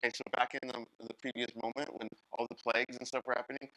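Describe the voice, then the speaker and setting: A man preaching a sermon as a guest pastor, telling the story in an animated way and acting out the characters' lines while talking straight to the congregation. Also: medium pitch, quick pace, dry recording, low-quality recording. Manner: animated storytelling, acts out Bible characters in voices; talks to the congregation directly.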